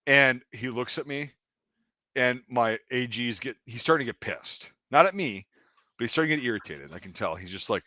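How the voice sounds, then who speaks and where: A man's voice: mid-range voice, fairly quick, dry recording. A man, an army veteran, telling war stories in a casual, profane chat. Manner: profane, animated anecdote telling. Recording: dry, slightly dull sound.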